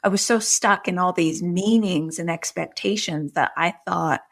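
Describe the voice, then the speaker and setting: A woman's voice: on the low side, normal speed, vocal fry. A middle-aged woman, a podcast guest, earnestly retelling a personal story in vivid detail.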